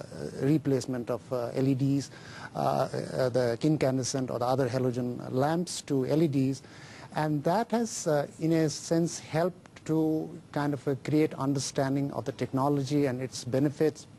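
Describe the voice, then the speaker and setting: Government official, warm mellow voice, halting explanations, faint hiss. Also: male voice, mid-range voice. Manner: explanatory, halting, with many fillers. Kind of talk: panel discussion answer.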